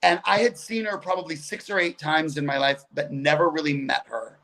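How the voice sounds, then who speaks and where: A middle-aged man, a guest comedian, telling stories animatedly over a video call. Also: fairly high pitch. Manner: animated, chatty, quick asides. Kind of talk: casual storytelling on a video call.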